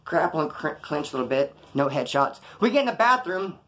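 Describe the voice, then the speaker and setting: With a fairly high, slightly bright voice, a man gets very animated and speaks a little fast while telling the camera a story from his past. It's casual, crude and slangy, with him voicing the different people in it.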